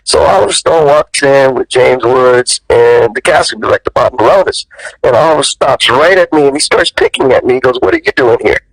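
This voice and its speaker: Gravelly man telling a showbiz story. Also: brisk, no room sound, poor audio. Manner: lively, profane, leaps high when quoting people. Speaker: guest actor. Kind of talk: animated storytelling in an interview.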